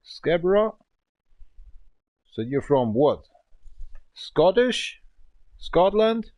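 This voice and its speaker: A man in his thirties with a German accent, chatting on a game stream in rough, broken English full of swearing. His fairly high voice swings up and down a lot as he rants. It sounds close and dry, with no room echo. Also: sing-song, drawn-out words, darkish tone. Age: 30s. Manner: ranting, profane, broken English. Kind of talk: casual game-stream chat.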